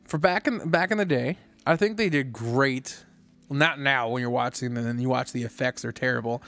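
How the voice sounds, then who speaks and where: A man's voice: mid-range voice, moderate pace, gravelly, a bit bright. A man co-hosting a casual podcast chat, rambling with lots of restarts and fillers. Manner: rambling, many restarts and fillers, laughs often. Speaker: podcast co-host.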